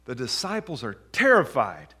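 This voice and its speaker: A man's voice: medium pitch, wildly swooping pitch, moderate pace, pushed and bright, slightly rough. A man preaching a sermon in a church, reading scripture and talking through it conversationally with questions to the congregation. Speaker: pastor.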